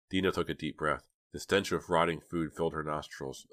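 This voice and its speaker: A man narrating a novel in a steady, even storytelling manner. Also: very deep voice, fairly quick. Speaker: audiobook narrator. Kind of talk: scripted narration.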